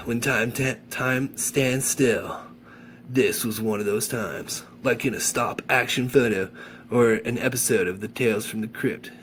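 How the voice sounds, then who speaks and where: A man reading a children's novel aloud with animated enthusiasm, then chatting about the chapter. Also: on the low side, slight background noise. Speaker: audiobook reader.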